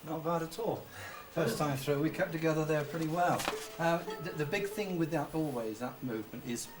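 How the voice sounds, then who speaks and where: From a distant mic in a rehearsal room with a piano, we hear a man at normal speed, his pitch fairly high. Seated at the piano, he patiently coaches a violin student on phrasing, singing rhythms as examples and asking whether he's understood.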